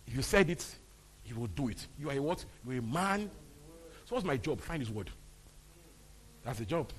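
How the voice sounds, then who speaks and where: Emphatic Nigerian pastor with a lively voice. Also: male voice, medium pitch, breathy edge. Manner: emphatic, repeats phrases, asks the congregation rhetorical questions. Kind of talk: sermon. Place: church service.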